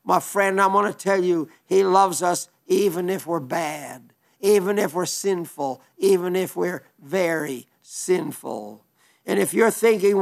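A man's voice: high voice, measured pace, gravelly. An older man preaching an earnest sermon, often repeating words for emphasis.

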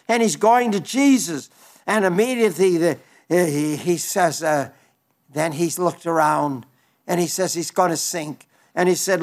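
A man, a pastor, preaching a sermon, reading scripture aloud and explaining it in an earnest way with frequent restarts. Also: high-pitched.

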